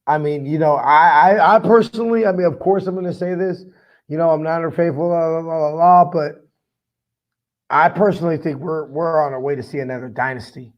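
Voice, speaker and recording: A man's voice: on the high side, brisk, dull audio. A man hosting a fan sports podcast, fired up, profane and rambling with lots of "I mean". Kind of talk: casual fan commentary.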